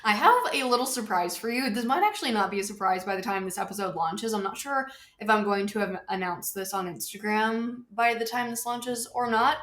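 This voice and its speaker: Her medium-pitched, fairly bright voice echoes around the room as she hosts her own podcast from a home office. The casual solo chat comes out a little breathless, with points repeated for emphasis.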